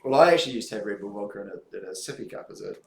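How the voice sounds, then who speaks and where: A man's voice: lowish voice, lively intonation, racing, gravelly. Dry-humoured man in a roomy space. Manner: dry, teasing, swears casually. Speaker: stream co-host. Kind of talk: casual race commentary banter.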